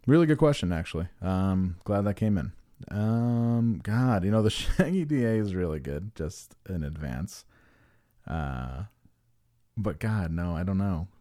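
Male podcast co-host; mellow, relaxed timbre, jokey and a bit crude. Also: low-pitched, unhurried, no echo, studio quality. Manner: joking, profane, rambling. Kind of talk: casual podcast banter.

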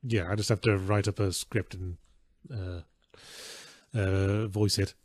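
A man's voice: low-pitched, steady tone, takes it slowly, a little mellow, no echo. A man co-hosting a stream in casual chat, making dry, wry remarks. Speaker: stream co-host.

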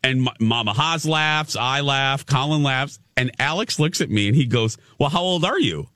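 A man's voice: normal speed, no echo, studio quality. A man in his forties, co-hosting a casual chat show and telling a story in a theatrical way. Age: 40s. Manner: animated, theatrical, jumps to a high voice when excited. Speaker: podcast co-host.

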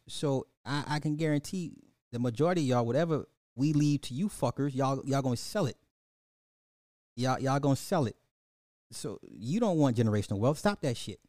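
A man hosting a podcast, ranting about social topics to his audience in a profane, animated way, often repeating and restarting words and laughing at his own points. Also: medium pitch, no echo, studio quality. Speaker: podcast host. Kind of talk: live-stream social commentary rant.

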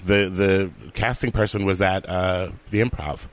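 An actor and comedian with a low-pitched, unhurried voice chats casually, telling stories with animation and acting out the voices of the people he quotes.

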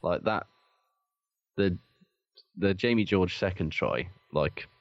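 A man's voice: low voice, takes it slowly, no echo, lo-fi sound. A man co-hosting a podcast in casual chat, dry and sardonic, swearing freely. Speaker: podcast co-host.

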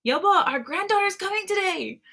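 A woman reading a fan story aloud, voicing an excitable, doting grandmother who talks cheerfully and exclaims loudly, much higher than her usual voice. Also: quick pace. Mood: excited.

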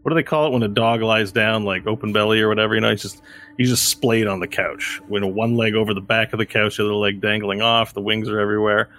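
A man's voice: on the low side, fairly even intonation, quick pace, a bit bright. A man narrating a tabletop game as game master, describing scenes loosely, with casual asides.

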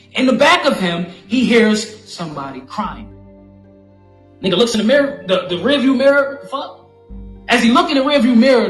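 A man telling a story in animated, slangy, profane street talk. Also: high voice. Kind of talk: casual storytelling monologue. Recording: echoey room with faint music.

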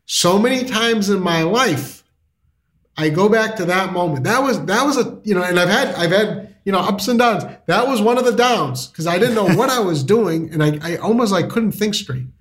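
A man's voice: sits high, lively intonation, normal speed, fairly bright tone. A man telling a personal story in a casual interview, rambling with restarts and lots of filler words. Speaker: storyteller guest.

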